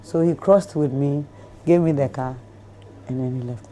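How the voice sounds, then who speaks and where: A woman's voice: sits low, normal speed, slight background noise. Ghanaian woman telling a story. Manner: lively storyteller who acts out other people's lines. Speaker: interview guest. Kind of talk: animated storytelling in conversation.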